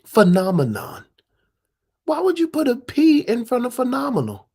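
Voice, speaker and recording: A woman's voice: on the high side, wildly swooping pitch, moderate pace, warm tone, breathy edge. A woman hosting a live stream, talking casually and firing off profane rhetorical questions.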